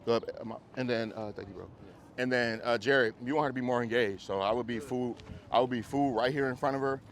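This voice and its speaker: A man teaching a dog training class outdoors, coaching owners and breaking into high, excited praise for the dogs. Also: brisk, a little hiss or hum. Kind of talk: hands-on group class instruction.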